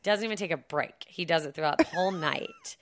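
Low-voiced sarcastic woman. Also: lively intonation. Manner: chatty and sarcastic, lots of "like" and laughs, acts out lines in quick put-on voices. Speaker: podcast co-host recapping a film. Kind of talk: casual chat.

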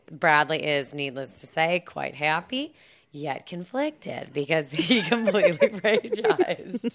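A woman's voice: sits low, fairly bright tone. A young woman casually and sarcastically recapping a film plot, full of "like" and laughter, briefly acting out the characters' lines. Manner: chatty and sarcastic, lots of "like" and laughs, acts out lines in quick put-on voices. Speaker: podcast co-host recapping a film. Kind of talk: casual chat.

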